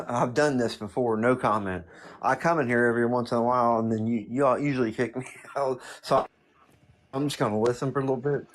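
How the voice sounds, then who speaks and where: A man in his forties calls into a stream with a mid-pitched voice. He sounds hesitant and laughs nervously between his halting answers. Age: 40s. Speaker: caller. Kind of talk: casual conversation.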